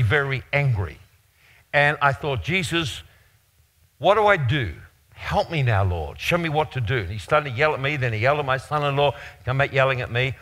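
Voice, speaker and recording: An older man preaching, telling a personal story in an animated, rambling way. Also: on the high side. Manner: animated anecdotal storytelling with restarts. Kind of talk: storytelling sermon.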